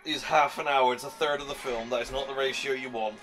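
A man's voice: medium pitch, steady tone, quick pace, a bit bright. Blunt sardonic young man, faint music. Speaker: podcast co-host. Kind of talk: casual film commentary.

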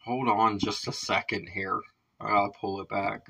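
A man's voice: on the low side, fairly even intonation, moderate pace, gravelly, pushed and bright, husky, poor audio. A man hosting a music reaction video from his home studio, talking casually, laughing often and swearing freely.

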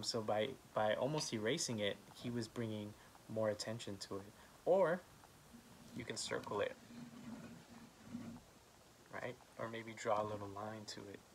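A low-voiced man leads a children's art lesson, patient and encouraging as he talks through each step. He fills pauses with "um" while he draws. A faint hiss sits behind his voice. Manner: gentle, encouraging, many "um" fillers. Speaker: art teacher.

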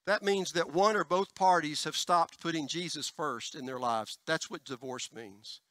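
A pastor preaching a conversational sermon, checking in with "folks" and "all right?" and tossing in joking asides. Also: male voice, a little high, moderate pace, a bit bright, no room sound. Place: church sanctuary.

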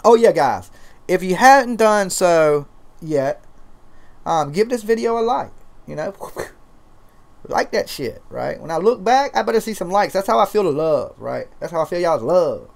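Southern guy w/ a twangy accent, gravelly voice, rambling cussing livestream host. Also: fairly high pitch, expressive, moderate pace. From Georgia, US. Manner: loose, profane, rambling. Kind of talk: casual livestream chat.

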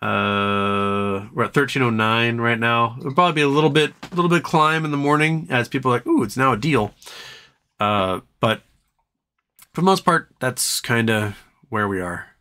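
A man's voice: normal speed, pushed and bright, smooth. A man hosting a casual live stream, rambling and joking while reading chat and talking to his dog. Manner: rambling, jokey, talks to his dog in a high baby voice. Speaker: livestream host.

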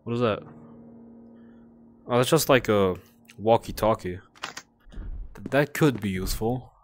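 A young man giving casual commentary while he plays a game, excitable and cooing at a creature in baby talk. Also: on the low side, slow pace, slight background noise. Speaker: gaming video creator.

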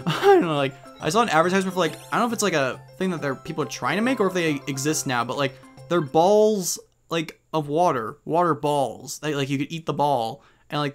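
Chatty guy playing a party game, kinda high voice, rambling and joking, faint game music. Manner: rambling, chatty, jokey, breaks into silly voices. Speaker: let's play gamer. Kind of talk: casual game commentary.

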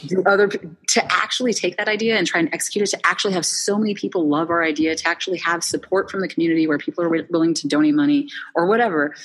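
A woman founder, a guest in a casual interview, telling stories in an animated way with many restarts. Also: lowish voice, very fast, husky, long reverb tail.

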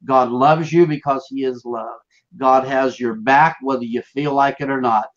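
A man host gives closing thanks to viewers, speaking gently and haltingly with frequent fillers. His voice is mid-pitched for a man. The recording sounds dull and lo-fi. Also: fairly even intonation. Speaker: show host.

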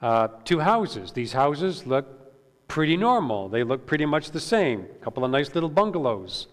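A man's voice: a little high, sing-song, moderate pace. A man pastor giving a conversational sermon, with many "uh"s and repeated words, recorded in a church sanctuary. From Canada. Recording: long reverb of a church hall.

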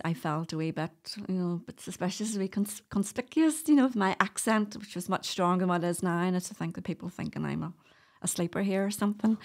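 Fairly low-pitched and a little mellow, this voice belongs to a middle-aged Northern Irish woman. She appears as a guest doula in a casual podcast interview, where she's chatty, tells stories and often laughs.

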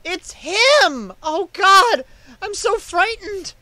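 A terrified young woman shrieks and pleads in a high, piercing voice, as a man reads her lines aloud in a game stream. Her voice is bright and lively, leaping up in pitch as she begs, with a slow, breathless delivery. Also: dry recording, heavily acted. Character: panicked frightened young woman.

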